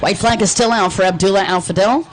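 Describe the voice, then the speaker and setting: A man's voice: sits high, fast talker, a little hiss or hum, low-quality recording. A man from Texas doing live race commentary with playful, chatty banter.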